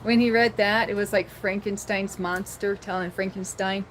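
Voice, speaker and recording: A woman's voice: mid-range voice, level tone, normal speed, hardly any pauses, noisy background. Chatty, giggly woman livestreaming from her phone. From rural area near Boise, Idaho. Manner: chatty and rambling, laughs often. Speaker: livestream host. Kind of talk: casual livestream chat with viewers. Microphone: handheld phone.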